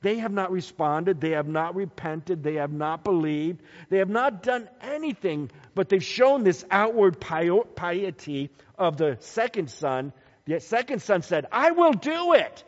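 Male preacher, expressive delivery that jumps between loud stresses and soft asides, lively pitch, muffled recording in a big reverberant hall. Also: measured pace. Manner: animated, swings from loud emphasis to quiet low asides. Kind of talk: bible teaching sermon. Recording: dull sound with long hall reverb.

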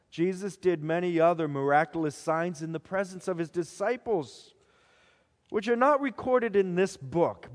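High-voiced man preaching in a reverberant hall. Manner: dramatic storytelling, swinging between hushed and emphatic. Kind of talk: sermon retelling scripture.

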